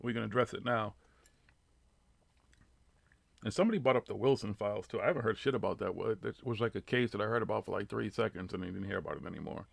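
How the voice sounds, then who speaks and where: Brief: Boston man, radio host, gravelly, dry close sound, salty and animated. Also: lowish voice, very fast, few pauses, dry recording. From Boston area. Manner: profane, animated, laughing often. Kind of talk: casual live radio chat, reading the chat.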